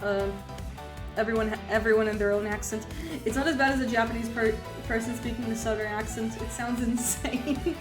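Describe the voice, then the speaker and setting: A woman's voice: on the high side, steady tone, a little fast. A woman streamer chatting and joking casually as she plays through a game. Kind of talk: casual gameplay commentary. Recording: game music behind voice.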